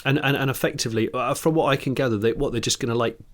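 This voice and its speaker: A man co-hosting a podcast in casual chat, animated and playful, laughing often. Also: medium pitch, very fast. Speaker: podcast co-host.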